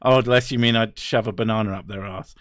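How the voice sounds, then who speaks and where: A man's voice: on the low side, fairly even intonation, quick pace, no room sound, studio quality. A young man streaming and reading out chat, swearing often and laughing as he talks. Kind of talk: casual live-stream chat.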